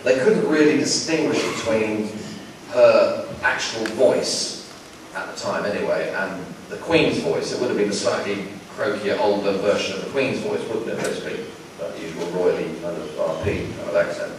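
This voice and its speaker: A man from England answering questions at a fan convention, wry and rambling, full of restarts. His voice is low. It is picked up from a distance in a very echoey, noisy hall. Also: moderate pace. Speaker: guest actor at a fan convention Q&A.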